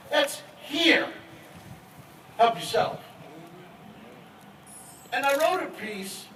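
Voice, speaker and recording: An older man speaks slowly at a commencement, folksy and teasing as he tells his stories. His voice is high for a man. It carries from a distance through an echoey hall, with a crowd and noise behind. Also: fairly bright tone. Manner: folksy storyteller, teasing the audience. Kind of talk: humorous commencement speech.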